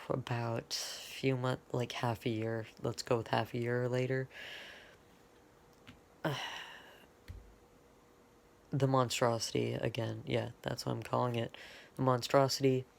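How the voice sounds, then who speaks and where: Speaking in a gravelly, mid-range voice, a man loosely recounts a fan story he made up, rambling and halting often for self-corrections.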